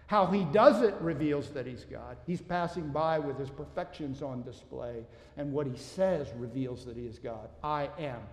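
A man preaching a sermon, building to emphatic, forceful peaks and then dropping to quiet, low asides. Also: normal speed, hardly any pauses. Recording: echoey hall, long reverb.

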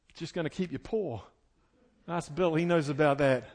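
A middle-aged male pastor preaching a sermon, moving between loud, emphatic preaching and quiet, folksy storytelling with chuckled asides. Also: on the high side, unhurried.

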